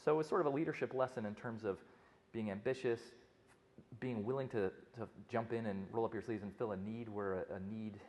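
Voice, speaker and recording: Middle-aged man, doctor addressing a conference crowd, low voice, rapid chatty delivery with restarts. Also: fairly even intonation, a little mellow. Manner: fast, conversational storytelling with frequent restarts. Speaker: physician giving a talk. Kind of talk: conference talk to an audience.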